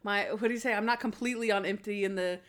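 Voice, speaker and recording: A woman co-hosting a casual podcast chat, retelling scenes in an animated way, acting out quotes and laughing often. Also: mid-range voice, very fast. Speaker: podcast co-host. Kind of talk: casual chat recapping a TV episode.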